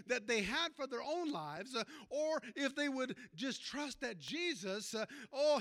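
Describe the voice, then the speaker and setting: A man's voice: very high voice, bright, forceful tone. A man who is a pastor, preaching a sermon in a folksy storytelling way and calling out to the congregation.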